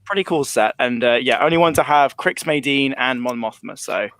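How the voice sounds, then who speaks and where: A man in casual conversation on a group livestream, talking in a relaxed, rambling way about his collection. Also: mid-range voice, moderate pace, no echo. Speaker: livestream guest. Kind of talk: casual chat.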